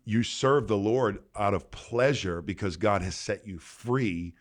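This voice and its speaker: Man, pastor, podcast teaching, emphatic, repeats phrases, low voice. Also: unhurried. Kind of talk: podcast sermon-style teaching.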